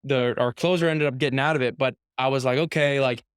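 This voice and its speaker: Animated young man telling a story. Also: medium pitch, fast talker, clean tone, no echo, clean studio sound. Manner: animated storyteller, heavy use of "like", acts out quotes. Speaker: professional baseball pitcher, guest. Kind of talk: casual storytelling interview.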